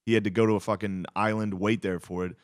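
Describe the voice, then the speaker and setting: A man's voice: fairly low pitch, flat delivery, fast, dry recording, clean studio sound. Laid-back, profane podcast guest man. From Pennsylvania. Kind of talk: casual comedic storytelling.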